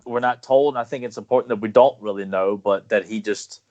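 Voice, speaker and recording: Low-voiced man rambling eagerly on a podcast. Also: darkish tone. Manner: enthusiastic, halting with many restarts. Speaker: podcast guest. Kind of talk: casual podcast chat. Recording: dull lo-fi podcast audio.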